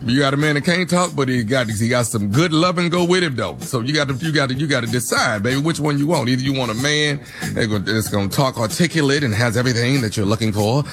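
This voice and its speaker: A man's voice: mid-range voice, quick pace, fairly bright tone, lightly acted. A man voicing a laid-back Southern lover who stammers, repeats words and loses his thread mid-sentence. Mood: boastful.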